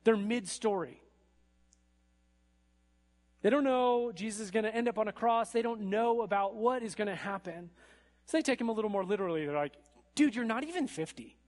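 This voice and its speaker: A man preaching a sermon in an animated way, building to emphatic peaks and often checking in with "right?". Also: high-pitched, fairly quick, long pauses.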